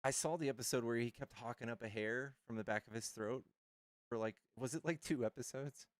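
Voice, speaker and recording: A man's voice: medium pitch, brisk, dry recording. A man hosting a live stream, chatting crudely and jokingly with his viewers. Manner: crude, joking, addresses chat. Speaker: streamer host.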